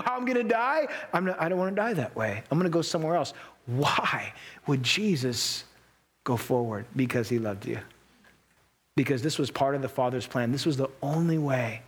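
A man's voice: mid-range voice, breathy edge. A man preaching a sermon in an earnest, emphatic way, acting out Bible scenes as he goes. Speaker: pastor.

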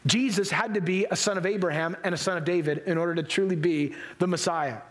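A man's voice: sits high, fairly even intonation, fast talker. Earnest man preaching with emphasis. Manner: earnest, emphatic preaching with dramatic re-enactments of Bible scenes. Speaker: pastor. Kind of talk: sermon.

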